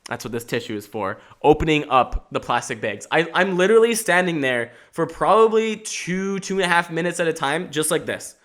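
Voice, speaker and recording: A man's voice: fairly high pitch, brisk, few pauses. A young adult man hosting a podcast, riffing in a casual comedic monologue, rambling and swearing freely. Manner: animated, rambling, swears freely, self-mocking. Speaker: podcast host.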